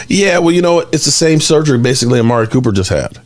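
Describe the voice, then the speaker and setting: A man hosting a live sports podcast, loud and fired up, ranting with frequent restarts. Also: mid-range voice, animated, a little fast, hardly any pauses. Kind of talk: heated live-stream sports rant. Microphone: desk mic in home studio.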